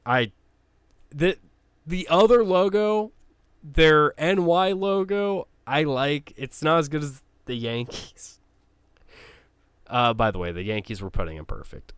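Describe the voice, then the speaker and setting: Blunt ranting man, smooth dry voice. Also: a little high, a bit bright, no echo. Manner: blunt, ranting, swears, frequent restarts. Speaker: sports logo ranker. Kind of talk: casual opinionated commentary.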